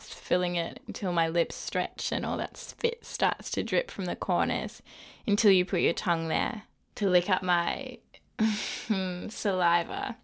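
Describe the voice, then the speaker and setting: A woman playing a teasing lover with a gravelly voice. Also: on the low side.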